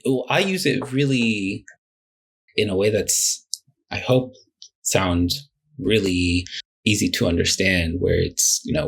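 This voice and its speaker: A male therapist talking casually on a podcast, animated, with many fillers and acted-out client quotes. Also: low-pitched, slow pace, creaky, pauses often, husky. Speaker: therapist guest.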